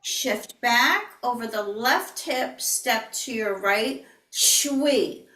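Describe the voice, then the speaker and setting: A woman instructor giving calm, breathy step-by-step movement cues in an online class. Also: fairly high pitch, takes it slowly. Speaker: yoga and tai chi instructor. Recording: roomy, distant online-class audio.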